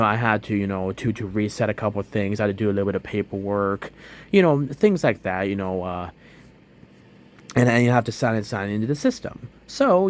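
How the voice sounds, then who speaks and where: A young man telling a long personal story in a casual, rambling way, full of fillers and restarts. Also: on the low side. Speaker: vlogger.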